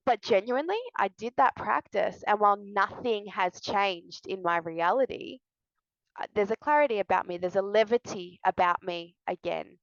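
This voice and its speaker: A woman's voice: medium pitch, moderate pace, no echo. A young adult woman, a somatic healing coach, sharing candidly and earnestly to camera from indoors. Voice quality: soft, earnest, confessional. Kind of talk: candid personal share to camera. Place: indoors with a fan running. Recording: dull lo-fi, dry sound.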